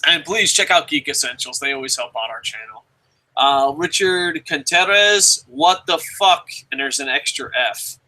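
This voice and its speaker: A man's voice: medium pitch, expressive, normal speed, sharp tone, poor audio. A man from New Jersey hosting a casual chat show, rambling and cursing freely with frequent laughs. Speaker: show host.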